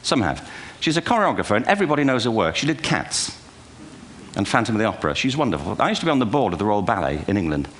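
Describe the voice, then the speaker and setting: A fairly low, fairly bright voice belongs to an older man giving a very animated, fast-paced comic keynote to a live audience in a large auditorium. Slight background noise is present as he trades in wry, self-deprecating stories and asides.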